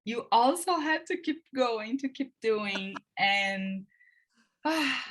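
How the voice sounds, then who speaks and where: A woman interviewer with a Brazilian Portuguese accent, native speaker of Portuguese, talking over a video call in an eager, halting way with many restarts. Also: a little high, fairly bright tone.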